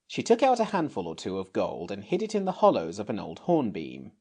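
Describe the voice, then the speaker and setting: A man narrating a classic children's novel as an audiobook, in an expressive storytelling manner. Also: sits low, brisk, hardly any pauses, slightly rough. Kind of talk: scripted narration.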